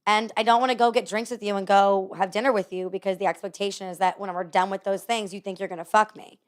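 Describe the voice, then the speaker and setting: Woman, podcast guest, blunt, candid, swears casually, mid-pitched voice. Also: fairly even intonation, fast talker.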